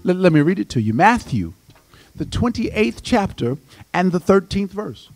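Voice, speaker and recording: A man pastor preaching an impassioned, emphatic sermon in a church, his voice swelling to shouts. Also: sits high, sing-song, moderate pace, no room sound, faint music behind. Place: church sanctuary.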